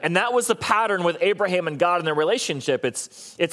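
A man's voice: high-pitched, expressive, fairly quick, few pauses, a bit bright. A man preaching a sermon in a conversational way, asking his listeners questions and acting out the voices he quotes. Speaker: pastor.

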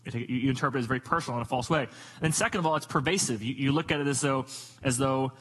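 A man's voice: medium pitch, racing, slightly rough, low-quality recording. A man preaching a sermon as a pastor, emphatic and repetitive, asking rhetorical questions.

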